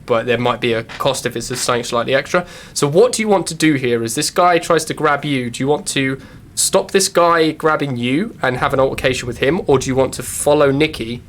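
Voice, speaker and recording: A man's voice: mid-range voice, fairly quick, fairly bright tone. A man narrating as game master, hesitant and full of fillers.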